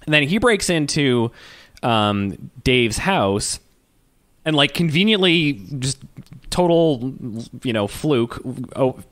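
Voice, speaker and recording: A man's voice: medium pitch, expressive, takes it slowly, fairly bright tone. A young man co-hosting a movie podcast, rambling casually with lots of "like" and restarts. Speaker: podcast co-host. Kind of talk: casual movie review chat.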